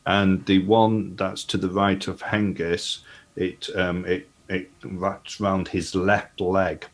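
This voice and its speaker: A tabletop player with a very deep male voice describes his spell. He talks slowly, feeling his way with pauses. His tone stays casual. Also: little pitch movement. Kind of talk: playing a tabletop game.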